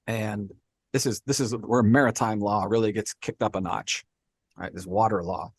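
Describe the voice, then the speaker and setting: A man co-hosting a podcast, explaining history in a relaxed, conversational way and checking in with "right?" often. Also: on the low side, normal speed, slightly rough, no room sound. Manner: explains with frequent "right?" and "you know". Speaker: podcast co-host. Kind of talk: casual explanatory chat.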